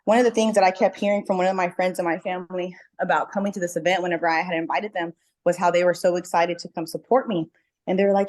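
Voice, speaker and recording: Speaking fast at medium pitch, her tone is steady and a little mellow. She's a book club member on a video group call, about to host an event, sharing casually with earnest emphasis and repeated words for stress.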